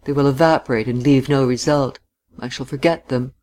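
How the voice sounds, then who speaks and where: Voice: mid-range voice, fairly even intonation, a little fast, darkish tone, natural voice. Reader doing a worn out flippant young guy in an audiobook, brushes things off lightly. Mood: weary. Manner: light, dismissive retorts that tail off. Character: weary, flippant young man, restless. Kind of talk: audiobook dialogue reading.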